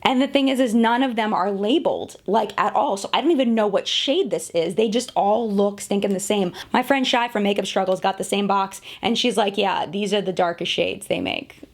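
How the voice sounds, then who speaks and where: A woman's voice: mid-range voice, brisk, hardly any pauses. A woman in her thirties reviewing makeup in a casual, chatty way, often laughing at herself, talking to the camera at home. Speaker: beauty vlogger.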